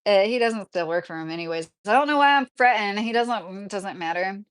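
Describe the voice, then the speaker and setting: A woman's voice: mid-range voice, animated, fairly quick, smooth. A woman live streaming from home, chatting casually, reading out chat messages and laughing often. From Kentucky, USA.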